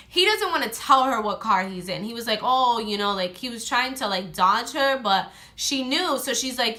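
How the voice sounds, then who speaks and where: A young woman vlogger telling a true story in a casual, animated storytime monologue, filling her talk with "like" and acting out her friends' lines. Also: fairly high pitch, normal speed, few pauses. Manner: animated, heavy use of "like", acts out friends' lines. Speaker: beauty vlogger.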